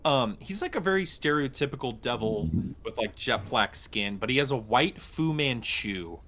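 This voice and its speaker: A man narrating as dungeon master in a casual, halting way with many fillers. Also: medium pitch, animated, pushed and bright, a little hiss or hum. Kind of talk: narrating a tabletop game.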